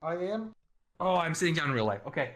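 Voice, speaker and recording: A man joking around while he plays in VR from home. His pitch swings widely as he talks. He teases the others with crude, playful remarks. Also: sing-song, fast, a crowd in the background. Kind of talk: casual livestream chat. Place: at home, playing in VR.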